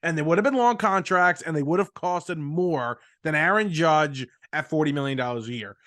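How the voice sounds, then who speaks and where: A man co-hosting a casual sports talk podcast, laying out his points in a measured way. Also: a little high, a bit bright, no room sound, clean studio sound.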